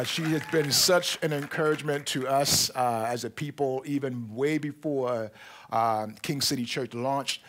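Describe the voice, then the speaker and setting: Pastor welcoming a church congregation. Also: male voice, mid-range voice, noisy background. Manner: warm, halting delivery with many fillers. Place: church auditorium.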